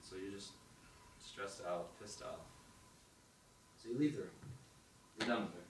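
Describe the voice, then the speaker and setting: A young man on stage spinning an animated second-person story, slipping into acted inner voices. He is heard from some distance in a roomy, echoing hall, with a faint hum of ambience behind him. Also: lowish voice, a little slow. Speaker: open mic performer. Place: performance hall with audience.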